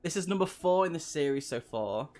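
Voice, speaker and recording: A man's voice: on the high side, animated, a little fast, a little mellow, soft background music. A man streaming a gamebook playthrough, reading aloud and chatting with viewers, laughing often. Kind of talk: live-stream reading and chat.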